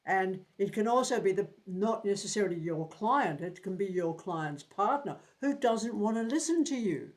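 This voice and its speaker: A man's voice: high voice, animated, moderate pace, few pauses. A man in his seventies teaching a tarot group in a casual, blunt way, swearing freely and repeating words while he thinks. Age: 70s.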